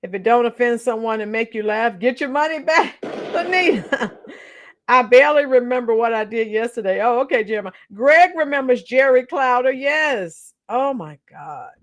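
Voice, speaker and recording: A woman's voice: on the high side, expressive, normal speed, few pauses. Chatty woman hosting a live stream. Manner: chatty, laughs a lot, reacts to comments. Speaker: channel host reading live chat. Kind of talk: casual live-stream chat.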